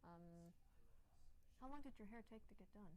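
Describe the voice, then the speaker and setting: A woman's voice: mid-range voice, expressive, moderate pace, a little hiss or hum. A woman hosting a live stream in an upbeat, chatty way. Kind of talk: casual chat. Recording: chattering crowd around.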